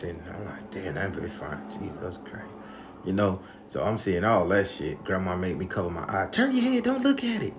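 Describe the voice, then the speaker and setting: A man's voice: deep voice, slight background noise. A man telling a crude, comedic story in casual, profane slang.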